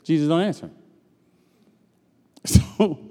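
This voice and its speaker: A man's voice: on the high side, takes it slowly, dark tone. A middle-aged man preaching a sermon in a conversational, teasing way that calls on the congregation to answer back. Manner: conversational, teasing, call-and-response. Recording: long reverb in a large hall.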